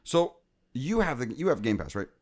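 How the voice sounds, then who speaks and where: A man's voice: mid-range voice, big pitch swings, normal speed. A man co-hosting a gaming podcast in casual chat, rambling and joking, often breaking off mid-sentence. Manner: rambling, self-interrupting, joking. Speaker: podcast co-host.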